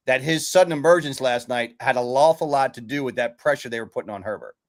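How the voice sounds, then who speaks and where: A man co-hosting a casual postgame football chat. His voice sits in a middle pitch. He talks in a measured way and often stops on an um while he chooses his words. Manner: measured, with frequent ums while picking words. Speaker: sports podcast co-host.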